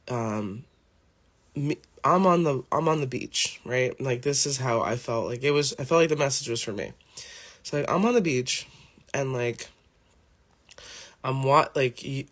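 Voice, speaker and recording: Just-woken male vlog host, mid-pitched, rambling and filler-heavy. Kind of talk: casual rambling vlog chat.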